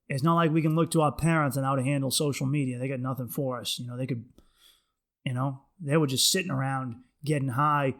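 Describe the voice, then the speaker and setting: Young guy on his podcast, swearing a lot, rambly, kinda high voice. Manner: profane, rambling storytelling. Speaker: podcast host. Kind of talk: casual monologue.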